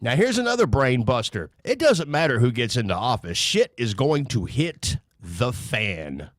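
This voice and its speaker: A man's voice: mid-range voice, very animated, measured pace, no room sound. Blunt, profane ranting man. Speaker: political commentary host. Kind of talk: ranting political commentary.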